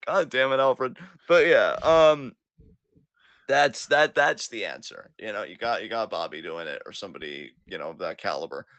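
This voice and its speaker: A man trading casual banter on a wrestling podcast. His voice is bright and swings widely in pitch. He laughs a lot and swears freely, and the sound is dry and close to the mic. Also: animated, moderate pace, dry recording, muffled recording. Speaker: podcast co-host.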